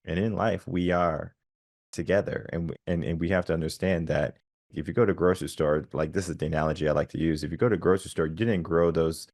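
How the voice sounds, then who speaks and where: A man's voice: sits low, fairly even intonation, quick pace, darkish tone, dry recording, clean studio sound. A man hosting a coaching podcast, reflecting in a loose, rambling way with lots of fillers. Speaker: podcast host. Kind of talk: podcast interview.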